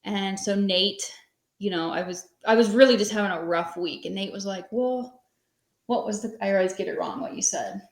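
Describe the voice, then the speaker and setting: A woman's voice: mid-range voice, steady tone, brisk. A woman in her thirties, a podcast guest, telling her story in a rambling, conversational way full of fillers. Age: 30s. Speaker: podcast guest, small business owner. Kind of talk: casual interview storytelling. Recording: echoey room.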